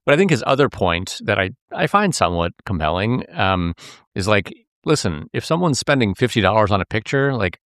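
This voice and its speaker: A man, a reporter, talking in an interview in an earnest, halting way, often restarting his sentences. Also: on the low side, big pitch swings, a bit bright, no echo, clean studio sound. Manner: earnest, halting, with frequent restarts and filler words. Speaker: reporter and podcast co-host, interview guest. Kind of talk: conversational interview.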